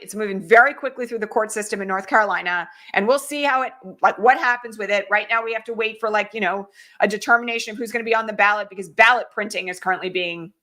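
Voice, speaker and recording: Woman, 40s, host, casual political commentary, bright tone, emphatic, conversational. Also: mid-range voice. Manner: conversational, frequent tag questions, emphatic.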